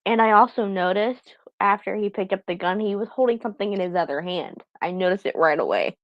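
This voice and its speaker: A young woman co-hosting a fan podcast, talking bluntly and casually with swearing and quick laughter. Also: mid-range voice, expressive, no echo, dull audio. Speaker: podcast co-host.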